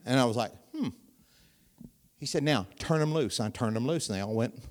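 Man preaching in an animated, conversational way. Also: mid-range voice. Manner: animated preaching with rising volume and dramatic pauses; conversational, asks the audience questions. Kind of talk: sermon.

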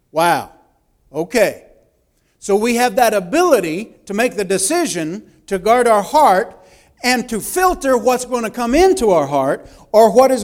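High-voiced man preaching with urgent emphasis. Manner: swings from loud urgent preaching to hushed intimate asides; repeats and restates key phrases for emphasis. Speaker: pastor. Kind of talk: sermon.

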